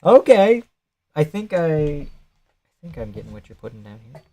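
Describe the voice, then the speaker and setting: A man's voice: fairly high pitch, animated, a little fast, warm tone. A young man on a casual live stream, chatting loosely and swearing while he reacts to fights and answers his chat.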